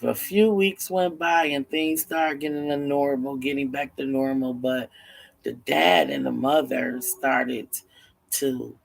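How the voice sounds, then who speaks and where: A man's voice: mid-range voice, slow pace, gravelly. A man casually telling a story, acting out the voices of the people in it. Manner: animated, acts out each character's lines.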